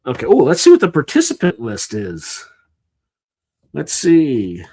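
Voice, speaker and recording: A man's voice: fairly high pitch, huge pitch swings, a little slow, darkish tone, breathy edge. A man hosting a live stream, tired and yawning, reading through a list in a casual, offhand way with sarcastic asides. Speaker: livestream host.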